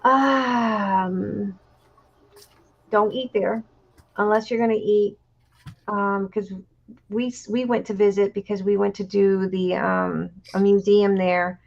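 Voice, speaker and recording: A woman's voice: mid-range voice, steady tone, takes it slowly, creaky, lo-fi sound. A woman from Texas chatting casually while crafting on a live stream, friendly and full of fillers.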